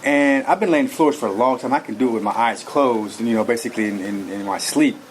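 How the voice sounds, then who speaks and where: A man's voice: medium pitch, fast. Guy telling his life story, earnest and rambly, lots of um and you know, faint hiss behind. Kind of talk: personal testimony.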